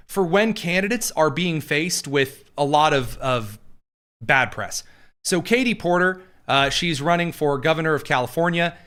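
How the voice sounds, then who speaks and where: A man's voice: a little high, fairly bright tone. A man hosting casual political commentary, sarcastic and jokey, with frequent fillers and asides.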